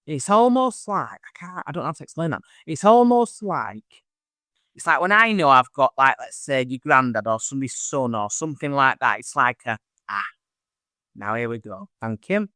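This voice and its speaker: A man, a medium being interviewed, telling stories in a chatty, animated way. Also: mid-range voice, moderate pace, dry recording, studio quality. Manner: chatty, animated, acts out voices in anecdotes. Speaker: medium, podcast host as guest. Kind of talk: casual interview storytelling.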